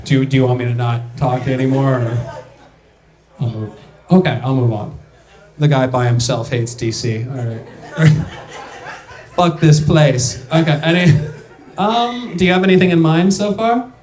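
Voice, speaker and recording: A man's voice: mid-range voice, unhurried, long pauses, darkish tone, reverberant. A young man doing a stand-up set, chatting loosely with the crowd and laughing through his punchlines. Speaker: stand-up comedian. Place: comedy club stage.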